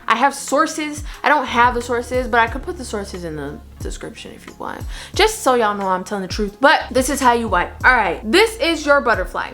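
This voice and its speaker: A woman's voice: fairly high pitch, fairly bright tone. A young adult woman giving blunt, emphatic advice in a casual vlog, scolding her viewers and stressing her points. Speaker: vlogger. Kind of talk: casual advice talk to camera.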